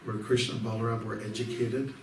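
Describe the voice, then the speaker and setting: A man's voice: on the low side, little pitch movement, fairly quick. A man, a monk from Canada, giving an informal devotional evening talk, rambling through stories with many fillers and restarts. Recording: roomy hall, distant mic, faint noise.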